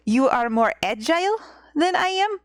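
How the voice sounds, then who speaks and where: A mild, encouraging old peasant man from a fairy tale, played by a woman, with a mock Russian accent. He speaks slowly and evenly, in a close, dry recording. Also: high-pitched, sing-song, no echo, pitched above the performer's own voice. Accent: put-on Russian. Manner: slow, measured.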